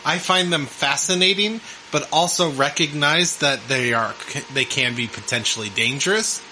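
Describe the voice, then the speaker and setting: A man's voice: on the high side, normal speed, pushed and bright, a little hiss or hum, poor audio. A middle-aged man co-hosting a casual podcast, rambling with ums and laughing often. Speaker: podcast co-host. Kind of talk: casual chat.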